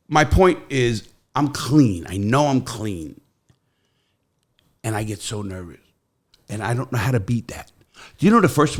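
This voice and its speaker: A middle-aged man hosting a podcast, telling stories in casual chat and jumping to loud, high quotes. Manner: animated storyteller, jumps to loud high quoting. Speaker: podcast host.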